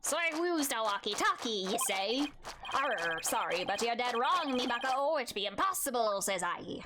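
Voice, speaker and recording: A woman's voice: high voice, expressive, normal speed, noisy background. A woman voicing a cocky male pirate rapper from a video game, talking in a sing-song pirate drawl. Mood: taunting. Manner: pirate talk, sing-song rhyming delivery. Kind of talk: reading video game dialogue aloud. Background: loud game music.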